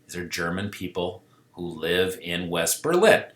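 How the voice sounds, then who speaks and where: A man giving a casual history lecture, talking loosely and checking in with the class every few lines. His voice is on the lower side but bright and forceful, and it rings around an echoey room. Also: sing-song, measured pace. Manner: loose, conversational, keeps checking in with "okay?"; acts out historical figures in quoted asides. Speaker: history teacher.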